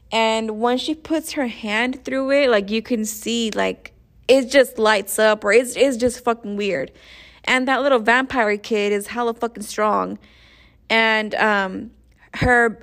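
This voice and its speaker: A young woman casually retelling a story in a rambling, profane way, full of slang and fillers. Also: on the high side. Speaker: show recapper. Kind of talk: casual plot recap.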